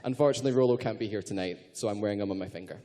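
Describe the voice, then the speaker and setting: A man's voice: on the low side, very fast, warm tone, slight background noise. A man joking about a gift on a festival panel. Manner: joking, laughing. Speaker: actor on a panel. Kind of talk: panel discussion.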